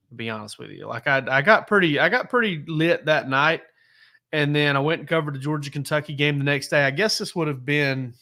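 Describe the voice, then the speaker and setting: Bright-voiced man telling rambling stories. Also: fairly high pitch. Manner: rambling, many fillers and restarts; laid-back, joking. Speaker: sports reporter. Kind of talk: casual podcast storytelling.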